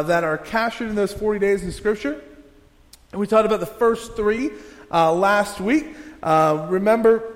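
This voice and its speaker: A male pastor with a fairly high voice preaches in a relaxed, joking way. He talks straight to his congregation and pulls them into little exercises. His voice rings out with a long echo in a large hall. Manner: casual, joking, interactive with congregation. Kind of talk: sermon.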